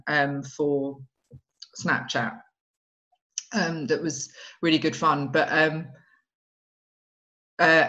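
Woman comic on a podcast, animated storyteller, laughs a lot, kinda muffled lo-fi audio. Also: low-pitched. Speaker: stand-up comedian guest. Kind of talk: casual podcast conversation.

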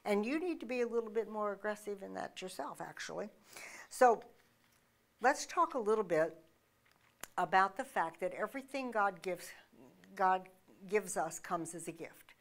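A woman minister preaching with emphatic, conversational energy. She fires off rhetorical questions, restarts her sentences, and speaks at an ordinary middle pitch. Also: animated, moderate pace, long pauses. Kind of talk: sermon.

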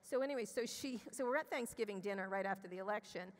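Middle-aged woman on a conference stage, blunt, swears a lot, keeps restarting her sentences, long echo from the big hall. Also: medium pitch. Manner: blunt and profane, with rapid restarts. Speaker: interview guest. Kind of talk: candid storytelling on stage.

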